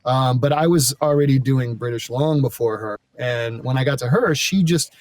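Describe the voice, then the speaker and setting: A man's voice: medium pitch, moderate pace, no room sound, distant mic. Young male voice actor, gritty voice, loose rambling delivery, set back from the mic. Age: young adult. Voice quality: scratchy, gritty. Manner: rambling, many fillers and restarts. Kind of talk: interview guest.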